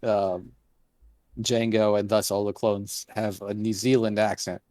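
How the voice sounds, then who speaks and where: A man's voice: fairly low pitch, little pitch movement, measured pace, a little mellow, no room sound. A man co-hosting a casual podcast chat, hesitant and chuckling mid-sentence.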